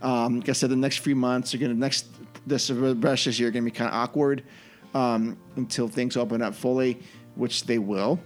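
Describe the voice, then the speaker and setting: A man's voice: medium pitch, fairly even intonation, a little fast, soft background music. Rambling male podcast host. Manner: loose, rambling, with many ums and restarts. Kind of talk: casual chat.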